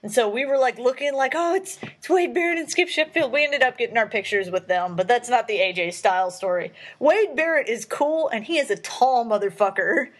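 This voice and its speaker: A woman's voice: a little high, fairly quick, few pauses. A young woman hosting a casual chat, rambling along with many fillers as she tells stories. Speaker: host.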